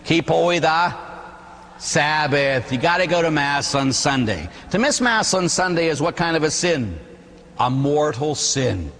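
Lively priest preaching in a reverberant hall. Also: male voice, on the high side, unhurried. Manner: animated, conversational preaching with acted-out quotes and rhetorical questions. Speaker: Catholic priest. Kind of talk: sermon.

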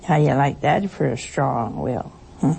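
Her voice is extremely low, warm, and husky, with vocal fry, animated delivery, and normal speed. This older woman preaches a conversational sermon to broadcast listeners, sharing stories, asking them rhetorical questions, and frequently laughing.

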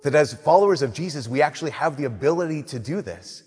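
Husky-voiced male preacher in echoing church. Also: a little high, animated. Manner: conversational preaching, slowing and softening on key lines. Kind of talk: sermon.

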